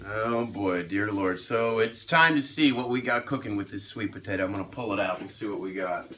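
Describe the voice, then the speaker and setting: A man's voice: on the low side, a little fast, bright, forceful tone, slight background noise, poor audio. A man, a doctor, chatting casually through a cooking vlog in his home kitchen, upbeat and self-deprecating. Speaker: doctor vlogging about meal prep. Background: kitchen sizzle.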